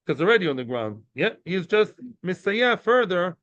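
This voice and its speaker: Male Talmud teacher, high voice, dry close sound, animated, voices the sages' argument, glosses terms in passing. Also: moderate pace, dry recording, muffled recording. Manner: animated, acts out the sages' debate; mixes in Aramaic and Hebrew terms, explains them. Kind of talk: daily Talmud lecture.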